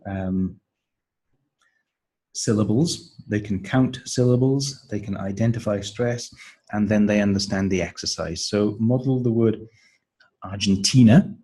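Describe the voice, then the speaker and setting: Slow, husky-voiced male teacher trainer. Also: on the low side, warm tone, low-quality recording. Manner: slow, explanatory, with frequent ums and uhs. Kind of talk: instructional walkthrough of a training manual.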